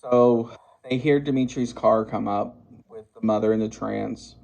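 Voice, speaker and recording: Man in his 60s, casual film recap, slow and hesitant, mid-pitched voice, lots of fillers. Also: steady tone, vocal fry, darkish tone, poor audio. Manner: halting, many fillers and restarts. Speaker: movie reviewer.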